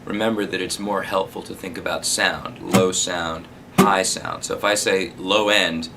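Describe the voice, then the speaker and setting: A man giving a relaxed spoken guitar lesson, explaining strumming and counting beats out loud. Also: low-pitched, unhurried, gravelly, very noisy. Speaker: guitar teacher.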